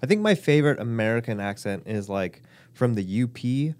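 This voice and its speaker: A man's voice: mid-range voice, expressive, a little fast, darkish tone, dry recording. A man co-hosting a podcast in casual chat, joking around and laughing often. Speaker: podcast co-host.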